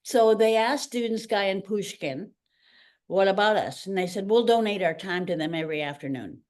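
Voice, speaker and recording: A woman's voice: mid-range voice, moderate pace. Older canadian lady, ex ballerina, chatty storyteller, does little voices for people. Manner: animated storyteller acting out quoted voices. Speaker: guest, retired ballerina and teacher. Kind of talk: casual storytelling interview.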